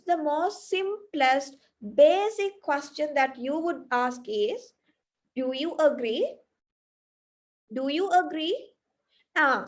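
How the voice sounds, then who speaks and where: A woman from Sri Lanka with a Sri Lankan accent, a native Sinhala speaker, teaching an online spoken English class and explaining step by step, often checking in with "right?". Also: high voice. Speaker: English tutor.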